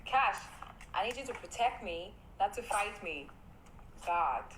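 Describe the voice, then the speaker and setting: A young woman livestreaming from her home, talking to her viewers in a jumpy, excitable way and pleading with them and her dog. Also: medium pitch, measured pace, slight background noise, rough recording. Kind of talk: casual livestream chat. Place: home at night.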